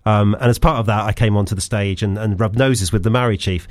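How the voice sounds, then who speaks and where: A man's voice: fairly low pitch, steady tone, fast talker, no room sound. A middle-aged man chatting as a guest on a radio show, rambling and hesitant with lots of ums and restarts, laughing easily. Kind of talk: casual radio chat. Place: radio studio. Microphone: studio microphone.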